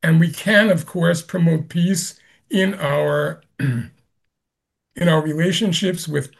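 Gravelly man answering slowly, clearing his throat. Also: a little high, steady tone. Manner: halting, with many fillers and throat clearing. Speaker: guest, Zen master. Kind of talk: interview answers.

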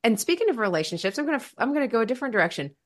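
A woman's voice: fairly high pitch, very animated, racing. A woman hosting a podcast in casual chat, bubbly and chatty as she steers the talk. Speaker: podcast host.

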